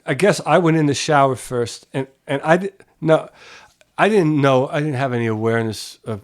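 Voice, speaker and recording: A middle-aged man from Pennsylvania, a guest musician, telling animated stories in a relaxed interview, swearing casually and laughing as he talks. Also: mid-range voice, normal speed. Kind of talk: relaxed storytelling.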